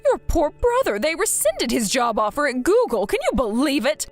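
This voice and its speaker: A woman voicing a whiny, manipulative older mother who pleads and guilt-trips in an animated story. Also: high voice, moderate pace, faint music behind, voice pushed up. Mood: self-pitying.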